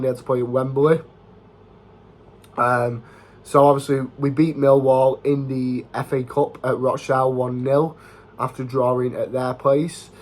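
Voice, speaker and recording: A young man, recording a casual vlog in a level, fairly monotone voice. He rambles on in an easy, chatty way and fills his sentences with "you know" and "obviously". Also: medium pitch. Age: young adult. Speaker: football vlogger. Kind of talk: casual talking-head vlog.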